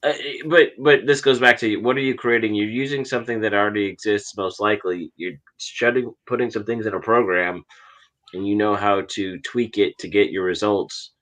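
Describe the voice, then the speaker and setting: A man co-hosting a relaxed anime chat with a bright, forceful tone. He thinks aloud in halting bursts and questions his co-hosts. His voice sits a bit low. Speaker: podcast co-host. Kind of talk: casual chat.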